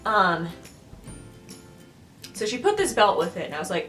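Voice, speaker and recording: A woman's voice: fairly low pitch, big pitch swings, measured pace, pauses often, fairly bright tone. A woman in her twenties chatting casually in a vlog, rambling with lots of "like" and "um". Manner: rambling, full of "like" and "um". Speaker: vlogger. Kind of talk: casual chat. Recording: roomy echo, distant from the mic, faint music.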